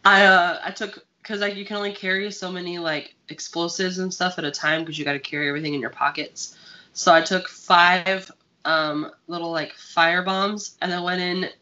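A woman co-hosts a laid-back podcast, wandering through her stories with plenty of fillers and the odd curse word. Her voice is bright, and the recording is dull and lo-fi. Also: lowish voice, fairly even intonation, normal speed. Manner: rambling, filler-heavy, profane. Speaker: podcast co-host. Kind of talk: casual chat.

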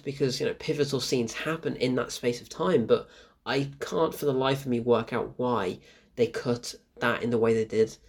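A man's voice: medium pitch, creaky. A young man giving a chatty film review, bemused and exasperated, often laughing at what he describes. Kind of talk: casual spoken film review.

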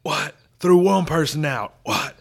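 A man doing a comic impression of a brash, loud male wrestling tough guy who keeps shouting back "what". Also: a little high, animated, gravelly, breathy edge, pitched above the performer's own voice, heavily acted. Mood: rowdy. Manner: shouting "what" over and over, rowdy and rapid.

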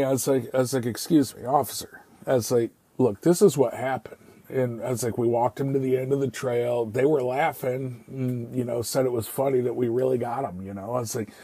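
A middle-aged man spins a rambling personal story, peppering it with swearing and repeated "I was like." His voice is mellow and a little husky, with a dry, close sound. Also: mid-range voice, dry recording.

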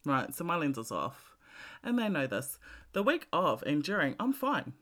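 A woman's voice: low-pitched, big pitch swings, normal speed, fairly bright tone. A middle-aged woman talks straight to the listener in a loose, unscripted monologue. She is blunt and swears freely, often restarting a word before she finds her way through a thought. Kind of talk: casual monologue.

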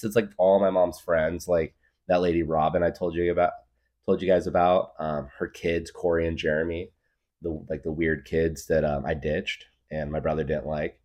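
Speaking at a moderate pace with a steady, darkish low voice, a man in his thirties hosts his podcast. His comedic monologue wanders, stuffed with fillers, and he chuckles at his own jokes.

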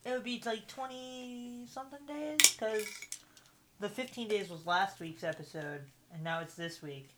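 A woman's voice: medium pitch, unhurried, background noise. A woman with a mid-range voice chatting eagerly about wrestling on a podcast. She leans on fillers and laughs often, recorded in a small office. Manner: enthusiastic, filler-heavy, frequent laughter. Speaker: podcast co-host. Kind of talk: casual wrestling chat.

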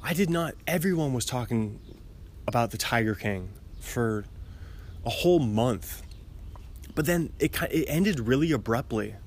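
Podcast host, man in his twenties, casual, self-amused, average pitch. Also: lively intonation, unhurried. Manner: rambling, self-amused, laughs often. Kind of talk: casual chat.

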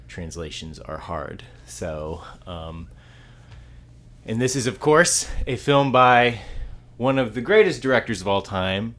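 A man with a fairly low voice co-hosts a movie podcast in easy, casual chat. He rambles and restarts his sentences, circling around his point with plenty of fillers. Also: lively intonation, takes it slowly, a bit bright. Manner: rambling, hesitant, many restarts. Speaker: podcast co-host.

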